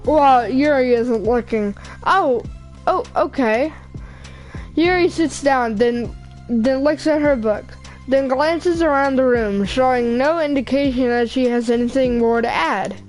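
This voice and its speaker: A woman's voice: high-pitched, unhurried, a little mellow, soft background music, rough recording. A woman YouTuber reading a visual novel aloud, casually correcting herself and apologizing to viewers.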